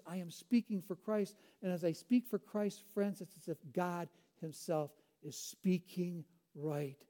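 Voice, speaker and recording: A man's voice: high voice, warm tone. A male pastor preaching a sermon, pleading earnestly with his congregation and closing in prayer.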